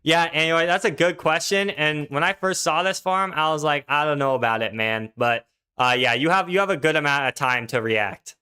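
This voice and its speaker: A man's voice: fairly high pitch, moderate pace, sharp tone, clean tone. A young man streaming a video game, chatting casually in a laid-back, slangy way and answering his chat as he plays. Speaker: gaming streamer. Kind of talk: casual live-stream commentary.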